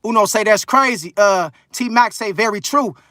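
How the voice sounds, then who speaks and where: With a high, sharp-toned voice at normal speed, a thirties-aged livestream host reads chat comments and rambles casually, full of slang and fillers. The recording is dry and studio quality.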